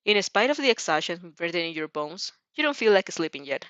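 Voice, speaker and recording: A woman's voice: fairly low pitch, sing-song, a little fast, a bit bright, no echo, muffled recording. A woman reading a fanfic aloud as narrator, with small slips and self-corrections.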